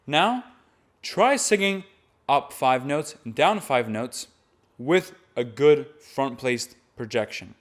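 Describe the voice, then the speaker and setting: Male voice teacher, middle-pitched voice, instructive, steady explanations. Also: slow pace. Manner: instructive, demonstrates sounds between explanations. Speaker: voice and chant teacher. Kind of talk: vocal technique lesson.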